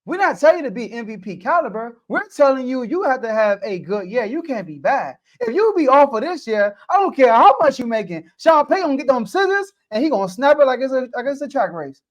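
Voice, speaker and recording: A man's voice: very high voice, big pitch swings, a little fast, hardly any pauses, lo-fi sound. A man from the United States hosting a sports podcast, debating casually and animatedly and talking straight to the players.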